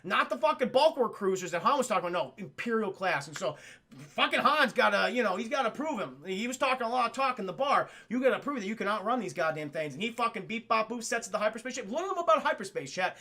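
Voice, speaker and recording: A man's voice: sits high, expressive, fast talker, sharp tone. A male streamer who retells a film to his chat in a comic, rambling, profane way.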